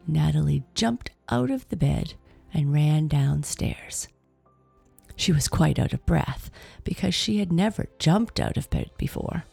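A woman narrating a children's storybook in a slow, soft-spoken manner that sinks to whispers. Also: sits low, animated, gravelly, slightly rough, soft background music.

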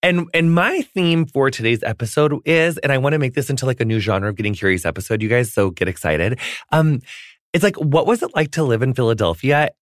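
A man's voice: medium pitch, lively intonation, brisk, dry recording, studio quality. A man hosting a podcast, chatting effusively and playfully with a guest and reading ads. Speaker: podcast host. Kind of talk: casual interview chat and ad reads.

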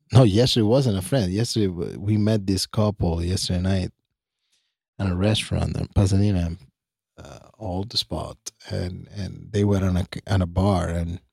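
Podcast co-host: man, very low voice, dry close sound, halting delivery. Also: creaky, slightly rough, dry recording. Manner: halting, restarts often, soft-spoken when emotional. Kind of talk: casual chat.

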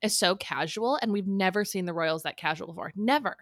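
A woman's voice: fairly low pitch, fairly quick, no echo, studio quality. Sarcastic, giggly woman co-host. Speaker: podcast co-host. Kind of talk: casual chat.

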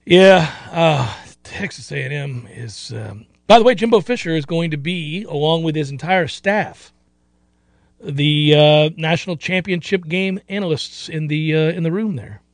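High-voiced chatty male radio host. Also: measured pace, dry recording. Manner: chatty, rambling, with playful mock voices. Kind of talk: casual sports radio talk.

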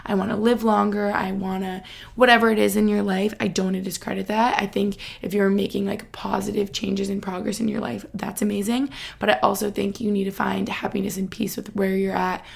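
A woman's voice: medium pitch, level tone, brisk, vocal fry, hardly any pauses, slightly rough. A young woman hosting a podcast, chatting casually and emotionally, reading her own post aloud with lots of "like.". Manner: chatty, emotional, heavy use of "like". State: close to tears. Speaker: podcast host.

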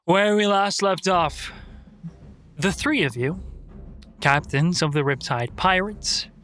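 A young man acting as game master, chatty and rambling as he recaps the story so far. His voice sits a bit high, and faint music plays underneath. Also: expressive, slow pace, a bit bright. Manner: rambling, with many fillers.

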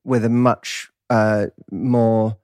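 A man's voice: lowish voice, level tone, drawn-out words, darkish tone, no room sound, studio quality. A man in his thirties with an East London accent, chatting casually as a podcast guest and laughing between lines. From England. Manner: playful, laughs while talking. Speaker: guest, dating coach.

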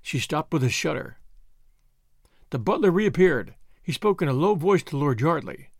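A man reads a story aloud, measured and expressive, his pitch moving widely on a fairly high voice. There is a gravelly texture, and the recording is close and dry. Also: no echo. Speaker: audiobook narrator. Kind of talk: scripted narration.

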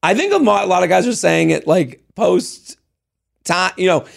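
Podcast co-host, male, thirties, gravelly, fairly high voice, animated and jokey, casual chat. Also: moderate pace. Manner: animated, jokey, lots of restarts.

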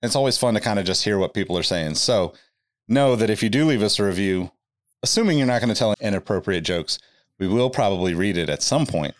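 Easygoing male podcast host, lowish voice. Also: expressive, dry recording, clean studio sound. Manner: easygoing, pauses with fillers. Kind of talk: casual podcast chat.

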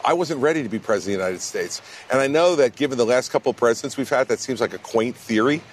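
In a TV news interview, a presidential candidate answers questions bluntly and emphatically. He talks fast in a medium-pitched voice, and faint background noise can be heard.

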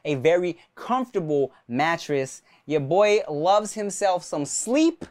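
Lively, animated young man. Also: takes it slowly. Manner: animated storyteller, lively swings in pitch. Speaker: podcast host. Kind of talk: casual chat.

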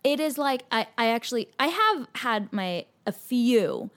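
A young woman sits in for a casual podcast chat, her voice sitting a little high. She talks in animated bursts full of fillers and false starts. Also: measured pace. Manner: animated, many restarts and fillers. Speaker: podcast guest, actress and author.

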